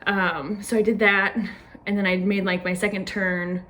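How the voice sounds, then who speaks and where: A woman's voice: medium pitch, level tone, normal speed, fairly bright tone. Chatty young woman, filler-heavy storytelling. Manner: chatty, lots of "like" fillers, laughs often. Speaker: podcast host. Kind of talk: casual personal recap.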